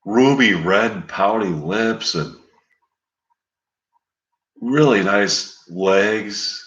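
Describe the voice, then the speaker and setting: A man doing a smooth, coaxing old mentalist. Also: on the low side, fairly bright tone, reverberant, pitched above the performer's own voice, exaggerated voice. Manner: slow, drawn-out coaxing delivery. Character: older male stage mentalist, smooth and insistent.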